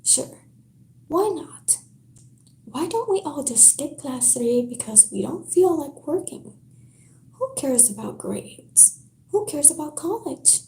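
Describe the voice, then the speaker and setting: A cruel male math teacher who sneers and taunts in a sing-song lilt, as a woman puts him on in a whispered book reading. The voice sits fairly high and moves slowly and deliberately, with a soft, mellow tone. A roomy echo hangs around it. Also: sing-song, full character voice. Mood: mocking.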